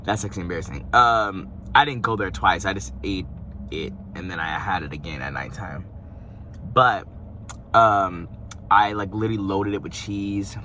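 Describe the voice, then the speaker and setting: A young man chats through a food review in his car, rambling and joking with plenty of asides. His voice is bright and forceful, sitting a little low for a man. Faint car and road sounds hum behind him. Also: moderate pace. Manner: chatty, rambling, playful asides. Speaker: vlogger. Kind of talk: casual mukbang food review. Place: parked car.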